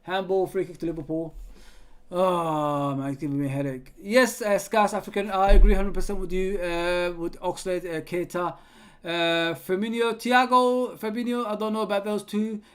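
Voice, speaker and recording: A man hosting a live football watch-along, excitably calling the play, yelling at players and chatting with viewers. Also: sits high, moderate pace. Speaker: fan channel host reading live chat.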